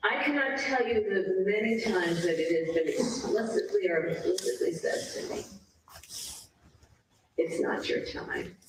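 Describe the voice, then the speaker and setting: A woman's voice: medium pitch, lively intonation, a little slow. A woman giving an emphatic speech with laughs between lines. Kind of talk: campaign speech clip. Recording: echoey hall, from far off.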